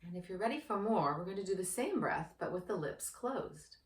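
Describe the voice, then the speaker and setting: A woman who works as a yoga therapist, guiding a breathing practice in a slow, gentle, soothing manner. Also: medium pitch, animated. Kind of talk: guided breathing instruction. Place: indoor room with yoga mat. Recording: roomy, distant from the mic.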